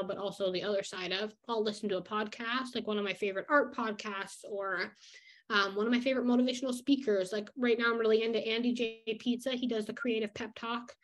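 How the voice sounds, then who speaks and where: A young illustrator vlogger, her voice fairly high and steady in tone, talks briskly and casually about her routine, her chat filled with "like" and relaxed laughs.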